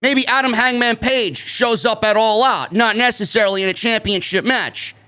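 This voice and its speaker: A man from New York hosting a live-stream wrestling review, excitable and profane, tacking "man" onto his sentences. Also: sits high, moderate pace, smooth. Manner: excitable, swears freely, keeps saying "man".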